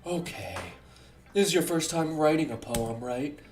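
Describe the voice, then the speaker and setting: Casting: timid bookish teen girl, a man doing her, low and hushed, roomy sound. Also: a little slow, soft background music, close to an everyday voice.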